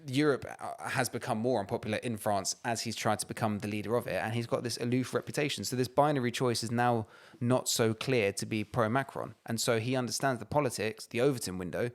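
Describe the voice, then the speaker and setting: A man's voice: mid-range voice, brisk, few pauses. A man co-hosting a podcast, ranting and swearing emphatically in casual chat. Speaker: podcast co-host.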